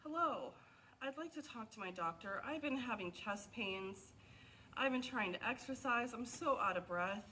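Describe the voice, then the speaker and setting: A worried patient frets over her pounding heart and swollen ankles, as a woman acts her out in a student skit. Her voice rides noticeably higher than a normal speaking voice, anxious and pleading. The delivery feels like a simple classroom role-play. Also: expressive, normal speed, pushed and bright, a little hiss or hum. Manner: fretful, pleading.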